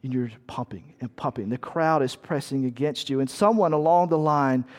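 A man's voice: medium pitch, moderate pace. A man preaching, leading listeners through a vivid battle scene in the second person. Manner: vivid second-person storytelling, shouting quoted commands. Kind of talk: sermon illustration.

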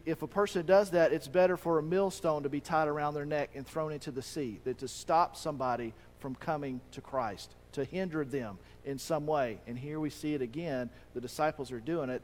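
A man preaching a sermon as pastor, animated, acting out quoted voices with a rising pitch. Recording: long reverb of a hall.

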